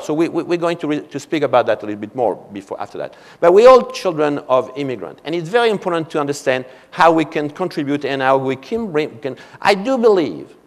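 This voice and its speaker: Older French-accented man telling a story. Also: a little high. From France. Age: 70s. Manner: anecdotal, frequent "you know" asides. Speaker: keynote speaker. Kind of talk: conference keynote storytelling. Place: convention hall. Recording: long reverb of a large hall.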